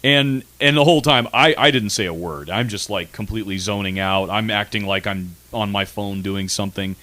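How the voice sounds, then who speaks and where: A man's voice: on the low side, fairly quick, bright, forceful tone. A man hosting a radio comedy show, chatting in a crude, mocking, rambling way with lots of restarts. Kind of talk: casual comedic chat. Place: radio studio.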